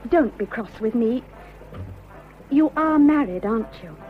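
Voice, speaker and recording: Radio drama heroine: a torn, tearful young woman, high pitch, lo-fi broadcast sound. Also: expressive, a little slow. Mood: distressed. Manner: anxious, faltering. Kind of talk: vintage radio drama acting. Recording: dull lo-fi old radio recording with music.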